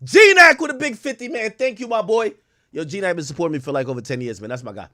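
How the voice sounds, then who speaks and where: A young adult man hosting a live stream, reacting loudly to gossip with profane, animated commentary and frequent laughter. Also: high voice, fast, crowd noise. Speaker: streamer host.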